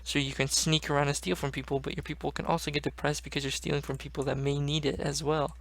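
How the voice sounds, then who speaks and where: A man's voice: fairly high pitch, little pitch movement, fast, gravelly. A young man hosting a gaming channel, rambling casually and swearing often. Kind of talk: casual gaming vlog chat.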